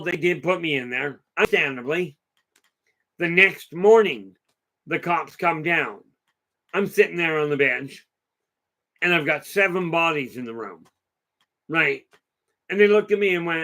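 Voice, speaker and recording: A man hosting a casual live talk tells a long story in a rambling, chatty way. His voice is bright and pitched a little high. He keeps restarting sentences and turning aside to answer viewer comments. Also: normal speed. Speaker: host.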